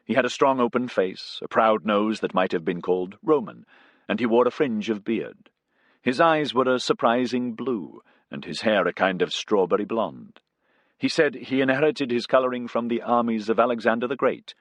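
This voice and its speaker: A man narrating a science fiction audiobook in an expressive reading style. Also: lowish voice, no echo.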